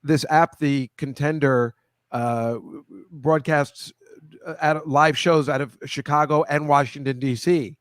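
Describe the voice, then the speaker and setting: A man's voice: on the high side, fairly even intonation, measured pace, no room sound, studio quality. A man hosting a casual comedy show, chatting with a guest in a rambling, self-correcting way. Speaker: host. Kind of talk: casual video-call chat.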